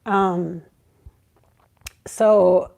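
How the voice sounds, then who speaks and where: A middle-aged woman with a gravelly, fry-laced voice talks straight to her audience in a loose, chatty vlog. She is emphatic, swears freely and leaps up in pitch when she gets worked up. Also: steady tone, very slow, darkish tone, highs cut off. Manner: emphatic, swearing, rising to high exclaims when reenacting. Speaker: psychic channel host. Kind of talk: casual spiritual vlog talk.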